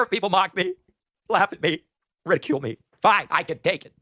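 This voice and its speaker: A man's voice: high voice, expressive, fairly quick, pushed and bright, no room sound. A man in his thirties ranting in a vlog monologue, profane, exasperated and self-pitying. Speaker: online video maker.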